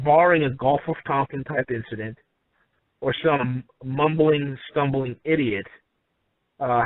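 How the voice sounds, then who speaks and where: A man's voice: medium pitch, no room sound. A man delivering an emphatic, rambling opinion monologue, often restarting his sentences. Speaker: commentator. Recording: tinny phone line, dry.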